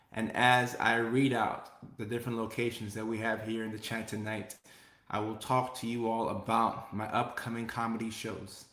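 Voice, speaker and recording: A man's voice: mid-range voice, a bit bright, roomy sound. A man hosting a casual live stream as a comedian, reading viewer comments aloud in an upbeat way and repeating his phrases.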